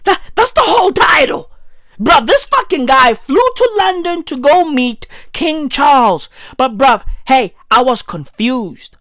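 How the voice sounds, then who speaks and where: Animated high-voiced woman ranting. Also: unhurried, no room sound, clean studio sound. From South Africa. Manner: animated, profane, repeats "bruv" and "right?". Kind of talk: profane satirical rant.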